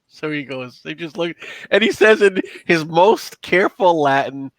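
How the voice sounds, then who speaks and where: A man narrating a tabletop horror game as game master, in a relaxed, chatty way. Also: fairly high pitch, measured pace, no echo.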